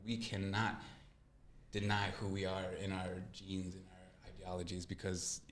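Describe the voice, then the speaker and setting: Guest man, very low voice, reflective storytelling, echoey room. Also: monotone, measured pace, fairly bright tone, a little hiss or hum. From California. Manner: earnest, reflective storytelling with acted quotes. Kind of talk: casual interview chat.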